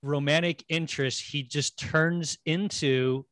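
Brief: male podcast host, lively storyteller, dry close sound. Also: fairly high pitch, a little slow, no echo. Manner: animated, laughs, mimics characters. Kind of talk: casual film discussion.

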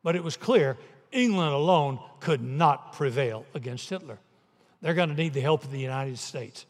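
A male pastor preaching a sermon, telling a story that builds to emphatic peaks and then drops soft. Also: a little high, animated, normal speed. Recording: long reverb of a large hall.

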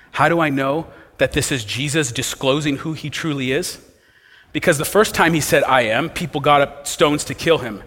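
A man's voice: a little high, a bit bright, in a large hall. A man preaching an expository sermon as a pastor, asking rhetorical questions as he explains the text.

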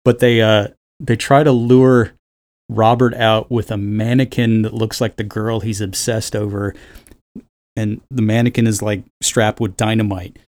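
A man's voice: fairly low pitch, flat delivery, measured pace, a little mellow. A man co-hosting a podcast in casual chat, talking in a rambling, wry way and swearing freely. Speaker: podcast co-host.

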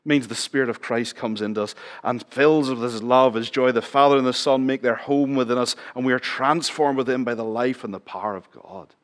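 Man, middle-aged, pastor, sermon in church, conversational, questions to congregation, hushed emphasis. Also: mid-range voice, brisk, hardly any pauses. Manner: conversational, asks the congregation questions, drops to near whisper for emphasis.

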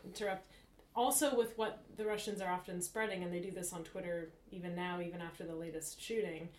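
A woman co-hosting a podcast, explaining things in a casual, talkative way with quick bursts and frequent fillers. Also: on the low side, fairly even intonation, slight background noise. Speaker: podcast co-host. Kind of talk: casual discussion. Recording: roomy echo.

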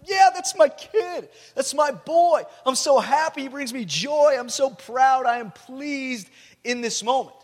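A man playing God as a gushing proud dad, high and loud, echoing in a hall. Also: unhurried. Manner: exclaiming, gushing. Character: overjoyed proud father God, male, exuberant. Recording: long hall reverb.

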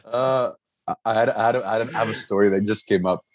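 A man's voice: fairly low pitch, brisk, a little hiss or hum. A man co-hosting a podcast, chatting casually and telling a story with frequent laughter. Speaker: podcast co-host. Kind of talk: casual chat.

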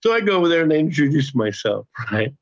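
A man in his sixties, a podcast guest, telling a story in a loose, profane, animated way and often repeating himself. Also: fairly high pitch, fast. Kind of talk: casual storytelling. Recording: dull lo-fi podcast audio.

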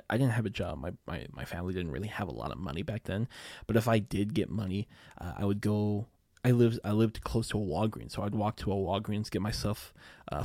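A man's voice: lowish voice, darkish tone, no echo, clean studio sound. A young man hosting a podcast, telling a personal story in a rambling way, with many fillers, casual swearing and laughing at himself. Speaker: podcast host.

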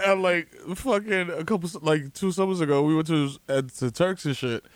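A young man riffing on a podcast with quick, swearing asides, his voice pitched a little high. He jumps between topics and gets worked up easily. The mic is close and dry. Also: smooth, dry recording. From Dominican heritage, New York. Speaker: podcast co-host. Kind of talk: casual podcast banter.

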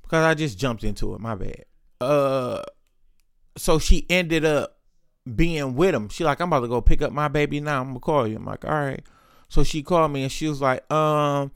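A man's voice: mid-range voice, gravelly, a bit bright, no room sound. A man in his late thirties casually telling a personal family story, candid and profane, acting out what others said. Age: 30s. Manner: candid, profane, acts out quoted voices.

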